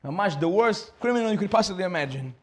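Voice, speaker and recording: A man, a rabbi giving a Torah class, telling a story with lively acted-out dialogue. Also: sits high, fast talker. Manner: animated, acts out dialogue in a story.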